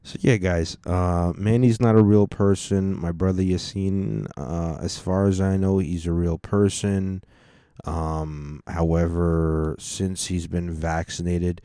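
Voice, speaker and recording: A man's voice: low-pitched, mellow, clean tone, no room sound, clean studio sound. A man hosting a podcast, telling rambling, profane, laid-back stories. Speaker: podcast host and stand-up comic. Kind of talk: casual podcast monologue.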